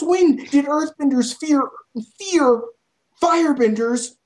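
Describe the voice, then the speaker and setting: A young woman ranting about a film, exasperated and swearing constantly, her voice climbing to near shouts. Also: a little high, very animated, moderate pace. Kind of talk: profane rant.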